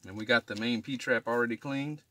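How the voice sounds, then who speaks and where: A middle-aged HVAC technician with a mid-range, steady, sharp-toned voice talks fairly quickly while cleaning a drain line in a home attic. He films himself on camera for a casual how-to, speaking plainly and often asking "okay?" to check in with viewers.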